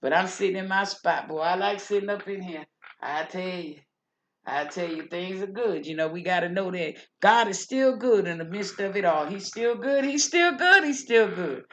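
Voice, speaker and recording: A woman's voice: fairly low pitch, normal speed, slight background noise, natural voice. A woman voicing a chatty older church lady who rambles, repeats herself and preaches about living right. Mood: folksy preaching. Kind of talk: character monologue.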